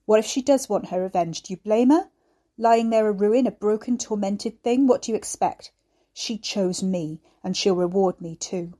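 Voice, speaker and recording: A resentful young man with a monstrous streak threatens in a gruff, grating voice, as a woman reads him. He snaps and sneers. The tone stays mellow and soft underneath the menace. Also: medium pitch, moderate pace, lightly acted. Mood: menacing. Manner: snapping, threatening.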